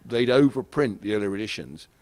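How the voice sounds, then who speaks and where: A man's voice: fairly low pitch, lively intonation, fairly quick, darkish tone, no room sound. A middle-aged man from England, telling rambling anecdotes with frequent chuckles as a podcast guest in casual chat. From southeast England.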